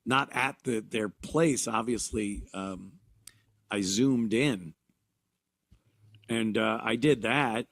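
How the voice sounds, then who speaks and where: A man talking casually on a podcast, hesitant, pausing with fillers and trailing off. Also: fairly low pitch, fairly bright tone, dry recording. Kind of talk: casual chat.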